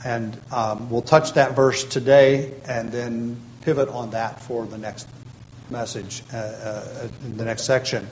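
A pastor delivering an expository Bible sermon, measured and explanatory, with emphatic rises and frequent "um" and "uh". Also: male voice, medium pitch, fairly even intonation, a little mellow, a little hiss or hum, low-quality recording.

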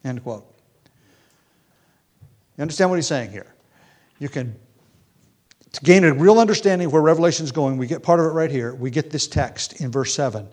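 Man teaching scripture, measured and explanatory. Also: fairly high pitch, darkish tone. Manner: thoughtful, explains step by step with fillers and restarts; reads quotations aloud with rising emphasis. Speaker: preacher. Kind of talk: expository Bible teaching.

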